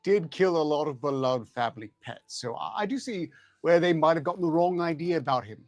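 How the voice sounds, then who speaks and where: A man with a slightly high voice, playing in an improvised comedic role-play stream. He drops deadpan one-liners in a dry, close-miked sound with no room around it. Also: a little fast, no room sound, faint music behind.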